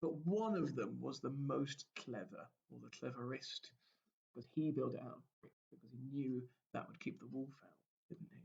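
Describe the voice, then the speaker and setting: A man, a primary school teacher giving a recorded lesson, explaining gently and asking the children questions. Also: mid-range voice, moderate pace, creaky, highs cut off.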